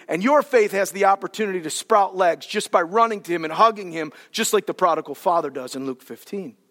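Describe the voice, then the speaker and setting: A preacher putting on an earnest apostle pleading with a friend in plain, colloquial words. The voice stays high and carries a long hall reverb. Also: male voice, a bit bright. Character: apostle urging a friend, earnest and persuasive man.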